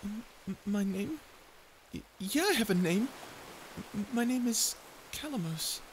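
A woman's voice: medium pitch, lively intonation, unhurried, slight background noise, natural voice. A woman voicing a prickly young sea creature who stammers and hides her fear behind insults, in a listener-perspective audio drama. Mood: flustered. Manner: stuttering, flustered tsundere bluster.

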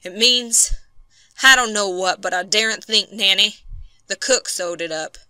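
A woman voicing an injured lumberman, a man down on his luck who speaks gruffly and hopelessly. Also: medium pitch, measured pace, pushed and bright, no room sound. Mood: weary.

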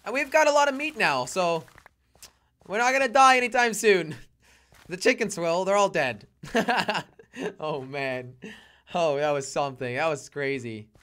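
A man's voice: sits high, unhurried, bright, forceful tone. A young man streaming live gameplay, exclaiming and fretting aloud and answering his chat. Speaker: gaming streamer.

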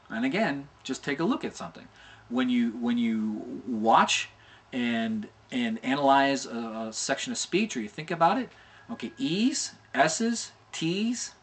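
Chatty man teaching animation, lively pitch. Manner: chatty, repeats "okay?" often, demonstrates mouth sounds. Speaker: animation instructor. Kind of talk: casual tutorial talk.

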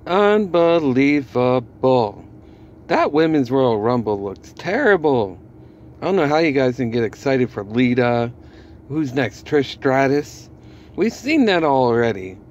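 A man's voice: medium pitch, darkish tone, dull audio, slight background noise. A man ranting scornfully and with swearing as a wrestling vlogger. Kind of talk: ranting commentary.

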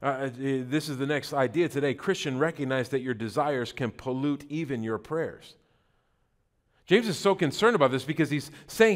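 A man's voice: mid-range voice, expressive, normal speed. A middle-aged man preaching a sermon as pastor, conversational and joking, often repeating words mid-thought.

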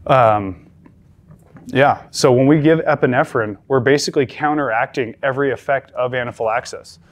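A man's voice: mid-range voice, normal speed. A male paramedic instructor giving a classroom lecture, talking conversationally and repeating the key points with emphasis.

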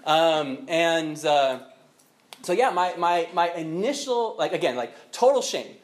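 A man preaching a sermon, telling a personal story in a halting, self-deprecating way full of restarts. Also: fairly high pitch, expressive. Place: church.

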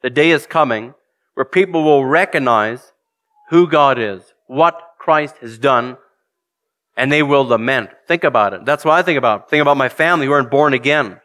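A man's voice: medium pitch, moderate pace, a bit bright. A man preaching a sermon, earnest and direct, putting questions to his congregation and reading scripture aloud.

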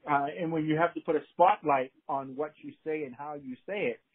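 Male guest, New England accent, husky, hesitant rambling chat over a thin phone line. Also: fairly high pitch. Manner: halting, many restarts and fillers. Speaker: guest, theater director. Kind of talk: casual conversation.

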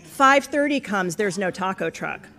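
A middle-aged woman telling a comic personal story to an audience, profane and animated, rising to near-shouts at the punchlines. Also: medium pitch, a little slow. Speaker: author telling a story at a live event.

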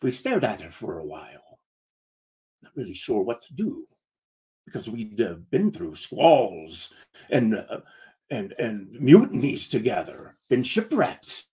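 A man's voice: on the low side, big pitch swings, slow pace, darkish tone. A man reading a comic story aloud as a first-person pirate, using "be" in place of the usual verbs.

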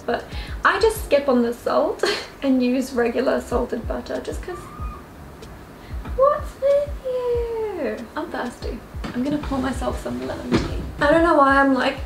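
A woman's voice: high-pitched, creaky, a little hiss or hum. A young woman vlogging in her home kitchen, chatty and self-mocking, often laughing and talking to her cat. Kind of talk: casual kitchen vlog chat. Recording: echoey kitchen, lofi music underneath.

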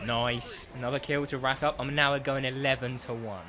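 A man giving excitable, sweary commentary on his own gameplay, trash-talking as he plays. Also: mid-range voice, moderate pace, over music. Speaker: gaming YouTuber.

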